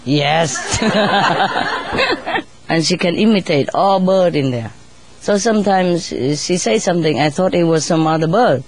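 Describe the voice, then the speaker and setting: A woman chatting casually in non-native English, laughing often and sometimes mimicking birds in a squeaky voice. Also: lively intonation, normal speed, a little mellow. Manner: laughs often between phrases; imitates birds in high squeaky voice. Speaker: bird keeper telling stories. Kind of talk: casual storytelling.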